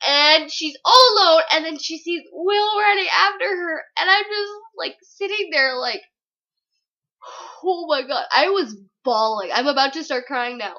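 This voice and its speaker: Giggly bright-voiced young woman gushing. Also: sits high, a little slow, highs cut off. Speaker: book reviewer. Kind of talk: casual book review vlog.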